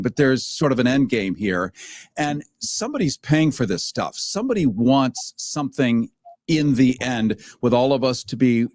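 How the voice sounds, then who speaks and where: A man's voice: medium pitch, darkish tone, dry recording. Wisecracking male talk host, dry sound. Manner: wisecracking, colorful quips. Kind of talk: talk show interview.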